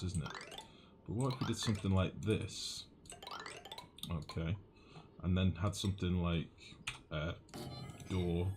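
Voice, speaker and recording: A young northern English man live-streaming a game, thinking aloud and chatting casually with viewers, calling them mate. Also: deep voice. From northwest England. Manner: thinks aloud, chats with chat, calls people mate.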